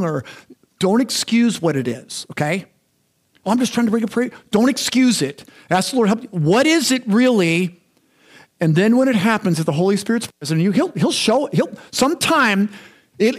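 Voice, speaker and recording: Casting note: middle-aged man, pastor, slightly higher voice, casual and candid delivery with frequent restarts. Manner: conversational, self-deprecating, repeats words when restarting. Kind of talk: sermon.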